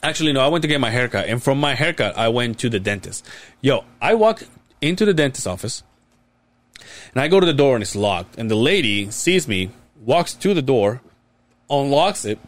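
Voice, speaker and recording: A man's voice: medium pitch, big pitch swings, normal speed. A man in his late thirties hosting a podcast, telling a long, rambling story in casual chat and swearing freely. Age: late 30s. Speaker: podcast host.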